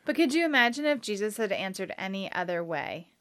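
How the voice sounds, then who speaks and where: A woman with a mid-range voice chatting through scripture on a podcast. She talks in a relaxed, conversational way, often agreeing and laughing along. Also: medium pitch, brisk. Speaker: podcast co-host. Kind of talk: casual Bible discussion.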